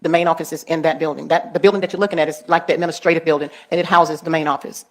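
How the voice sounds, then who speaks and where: Woman witness, low voice, careful answers under questioning. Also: steady tone, very fast. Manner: short careful answers, plain explanations. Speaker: school officer testifying as a witness. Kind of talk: witness testimony.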